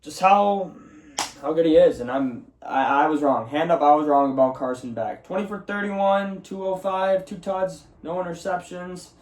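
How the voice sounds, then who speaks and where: A man's voice: fairly high pitch, moderate pace, a little mellow, a little hiss or hum. A young man hosting a casual sports talk show, ranting heatedly with lots of swearing about missed effort and game plays. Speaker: sports podcast host. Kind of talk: casual solo commentary. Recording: roomy echo, distant mic.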